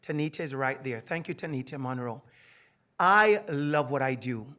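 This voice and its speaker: A middle-aged man with a Jamaican accent speaks on a discussion panel, animated and emphatic. He is a lecturer telling his own story with feeling. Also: medium pitch, moderate pace. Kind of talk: personal testimony at a panel discussion.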